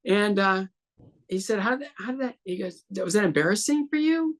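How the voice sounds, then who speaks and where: Guest storyteller: man in his 60s, gravelly, animated, acts out quotes. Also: high voice, a little fast. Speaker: interview guest. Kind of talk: storytelling in an interview.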